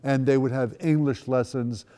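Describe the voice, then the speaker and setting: Man in his 80s, guest speaker, storytelling talk, wry dry humor, soft mellow tone, long hall reverb. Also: mid-range voice, steady tone, normal speed. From Netherlands. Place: school event space.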